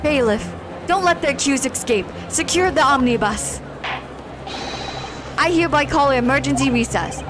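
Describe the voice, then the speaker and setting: A woman's voice: high voice, expressive, background noise. A woman reading a stern courtroom judge. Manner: formal, measured courtroom speech. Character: stern older male judge.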